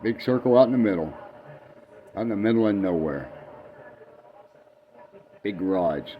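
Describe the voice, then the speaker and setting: A man's voice: lowish voice, lively intonation, moderate pace, muffled recording, slight background noise. Rambling man in his garage. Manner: rambling, folksy, self-deprecating. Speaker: vlogger. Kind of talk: casual joke-telling vlog.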